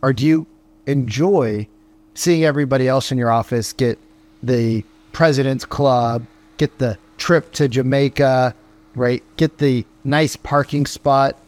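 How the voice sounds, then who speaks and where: A man with a medium-pitched, slightly mellow voice speaks as a sales coach in a motivational podcast monologue. He fires off punchy rhetorical questions, tags points with "right?", and acts out phone calls in quick voices.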